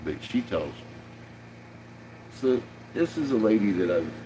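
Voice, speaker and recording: A man's voice: fairly low pitch, very animated, measured pace, noisy background. Profane, laughing man in his fifties. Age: 50s. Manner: rambling, profane, laughs often, restarts sentences. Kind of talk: candid personal livestream talk.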